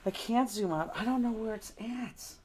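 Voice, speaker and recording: A woman's voice: fairly high pitch, moderate pace, darkish tone, a little hiss or hum. Chatty woman teaching a craft class. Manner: chatty, exclaiming, fretful while searching. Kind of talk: live online craft class, casual chat.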